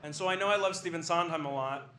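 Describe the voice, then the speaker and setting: A young man doing storytelling stand-up on a comedy club stage, excitable and animated as he acts out what people said. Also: on the high side, quick pace, very noisy. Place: small comedy club stage with live audience. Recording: roomy club sound with faint ambience.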